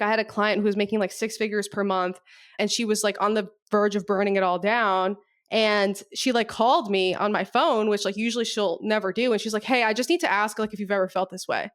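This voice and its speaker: A woman business coach, a guest on a podcast, speaking casually with many fillers and the occasional swear word. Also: mid-range voice. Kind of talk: casual conversational interview.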